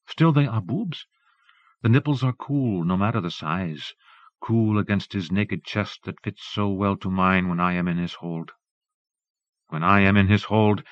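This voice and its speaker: A man with a fairly low voice reads an audiobook in a calm, measured literary manner. The sound is dry and close, with no room around it. The dull, lo-fi tone of an old cassette transfer hangs over every word. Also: no room sound. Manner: measured, even literary reading. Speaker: audiobook narrator. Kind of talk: scripted audiobook narration.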